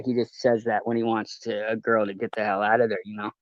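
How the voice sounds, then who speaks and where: A man casually telling a long rambling story, halting and laughing as he goes. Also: on the low side, level tone, no room sound, highs cut off.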